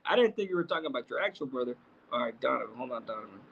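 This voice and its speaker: Bright-voiced streetwise man on a livestream. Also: mid-range voice, very animated, a little fast, creaky, long pauses, slight background noise. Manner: streetwise slang, loose and profane. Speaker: livestream host. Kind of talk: casual livestream chat. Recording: dull lo-fi stream audio.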